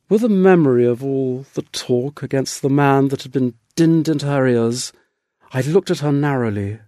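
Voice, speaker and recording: A man reading a literary story aloud as narrator, in a measured, deliberate way. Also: mid-range voice, dark tone, dry recording, clean studio sound. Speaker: audiobook narrator. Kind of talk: scripted narration.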